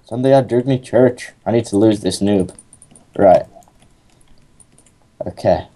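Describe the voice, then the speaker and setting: A man's voice: on the low side, takes it slowly, dark tone. A young man playing a game with a friend, teasing and sarcastic in casual chat. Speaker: co-host gamer.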